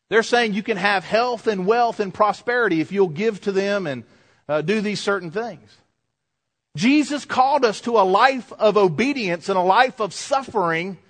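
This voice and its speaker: A male pastor delivers a sermon in a notably high voice. He swings from loud, raised emphasis down to quiet, low asides. The sound carries a long hall reverb. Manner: preaching with swings in pitch and loudness.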